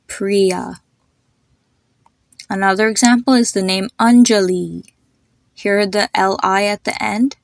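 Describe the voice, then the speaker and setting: A woman hosting a podcast, patiently explaining pronunciation, spelling words out letter by letter and slowing down to demonstrate each sound. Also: medium pitch, steady tone, dry recording. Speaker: podcast host.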